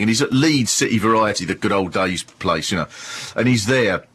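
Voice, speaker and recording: A man's voice: lowish voice, lively intonation, quick pace, hardly any pauses, pushed and bright, a little hiss or hum. A man in casual radio chat, telling long, rambling anecdotes with lots of laughing.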